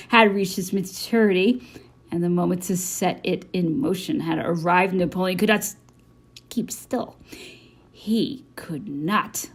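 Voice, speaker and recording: A woman reading a historical memoir aloud in a measured way, with small slips and restarts. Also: mid-range voice. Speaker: audiobook reader.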